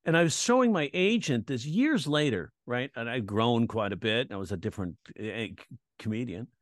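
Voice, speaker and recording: A man's voice: mid-range voice, brisk, no room sound. Comedian guy spinning stories, does all the voices, dead dry mic. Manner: animated, acts out quoted voices. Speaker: comedian and comedy coach, guest. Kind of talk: casual storytelling chat.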